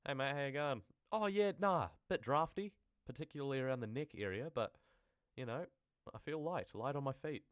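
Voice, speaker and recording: A man voicing a chatty, friendly male ghost in a raised, bright voice. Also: expressive, normal speed, no room sound, studio quality, close to an everyday voice. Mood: cheerful. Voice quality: high, bright put-on voice.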